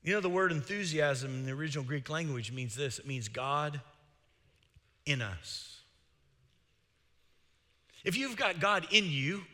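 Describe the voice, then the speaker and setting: Excitable high-voiced man preaching. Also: in a large hall. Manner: excitable, gets loud when fired up. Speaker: pastor. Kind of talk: sermon. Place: church sanctuary.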